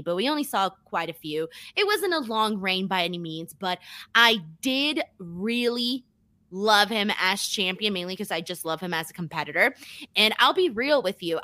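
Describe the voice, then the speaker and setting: A woman's voice: medium pitch, bright, forceful tone, dry recording. A woman co-hosting a podcast in a casual chat, talking loosely with lots of fillers. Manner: chatty, heavy on fillers like "like" and "you know". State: running on little sleep. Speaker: podcast co-host.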